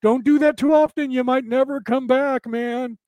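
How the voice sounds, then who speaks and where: A man puts on the voice of a worried ego, pitched well above his own and dry in sound. It nags and cautions in a fretful way. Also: steady tone, normal speed, a little mellow, dry recording. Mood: fretful warning. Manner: anxious, cautioning. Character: fretful voice of the ego, nagging warnings.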